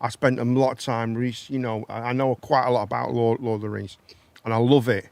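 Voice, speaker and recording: A man hosting a live online chat show, rambling and animated, often laughing. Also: medium pitch, brisk, gravelly, no room sound. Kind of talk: casual chat.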